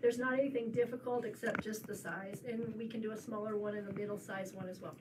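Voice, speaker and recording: A woman's voice: mid-range voice, fairly even intonation, fast. A chatty, self-joking woman teaching a rug hooking class. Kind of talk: casual class presentation. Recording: distant mic with room noise.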